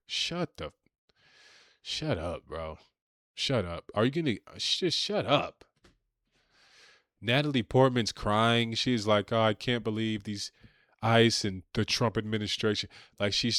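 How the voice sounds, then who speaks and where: A man's voice: on the low side, fairly bright tone, no echo, studio quality. A man giving a combative political rant, repeating himself and leaning on slang. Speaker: political commentator.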